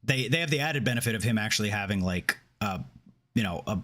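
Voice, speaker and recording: A man's voice: fairly low pitch, fast. A man co-hosting a casual chat show, retelling a story with lots of fillers. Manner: animated retelling with filler words. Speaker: podcast co-host.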